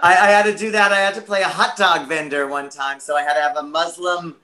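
Brief: American man, chatty interview guest, high and bright, roomy echo. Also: brisk. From United States. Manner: chatty and animated, many fillers. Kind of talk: casual interview chat.

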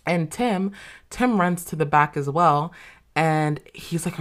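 Young woman, podcast host, low voice, casual candid storytelling, swears a lot. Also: slow. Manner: candid, swears freely, lots of fillers.

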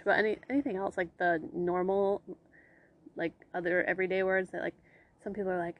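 Young female co-host, low voice, loose chatty delivery, curses casually. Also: little pitch movement, fast talker, muffled recording. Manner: frank, swears freely, lots of "like". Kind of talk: casual chat.

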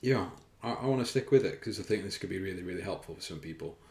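A man with a deep, low voice talks casually into the camera for his own podcast. He rambles, full of fillers and self-conscious asides, with some swearing. The room around him is echoey and hollow. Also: lively intonation, racing, darkish tone. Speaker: fitness coach and podcast host. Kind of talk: casual solo podcast chat. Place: room indoors, filming himself. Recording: roomy echo.

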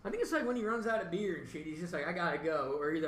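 Man co-host, lively pitch and bright tone, laughs a lot, cusses freely, sits back from the mic in an echoey room with faint noise. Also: very fast. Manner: laughs often, swears freely. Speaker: podcast co-host. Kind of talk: casual chat.

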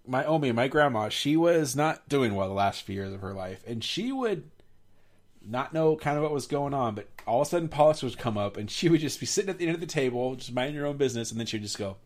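A man's voice: mid-range voice, fast. A young man hosting a podcast, chatting casually and laughing often as he tells family stories. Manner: laughs often, lively storytelling. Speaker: podcast host.

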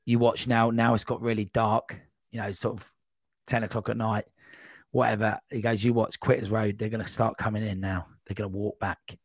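A man guest on a podcast, telling a long, rambling running anecdote in a casual, animated way. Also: lowish voice, normal speed, no room sound. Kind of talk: casual storytelling.

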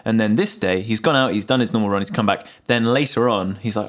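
A man's voice: fairly low pitch, fast talker, few pauses. A man co-hosting a comedy podcast, riffing on silly ideas. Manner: riffing, builds on jokes. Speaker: podcast co-host. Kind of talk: casual comedy chat.

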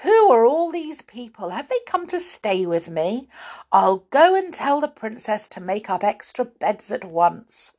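Woman playing cheerful young fairy-tale man, high gushing voice, swooping, storybook. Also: sing-song, a little slow, a little mellow, heavily acted.

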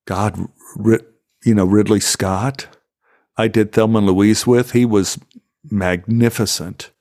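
On a podcast, an American actor guest in middle age tells stories with lots of energy, acting out the quotes in silly voices. His voice is lowish and his pace slow.

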